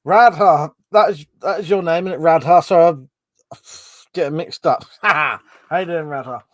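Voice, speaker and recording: A man's voice: a little high, normal speed, fairly bright tone. A man hosting a casual live stream, reading out chat comments, rambling and swearing, short of breath and yawning. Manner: chatty, swearing, reads chat aloud and rambles.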